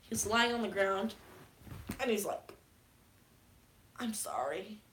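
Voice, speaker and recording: A young woman vlogging in casual chat, excitable and rambling, with frequent swearing. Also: mid-range voice, measured pace, a little hiss or hum.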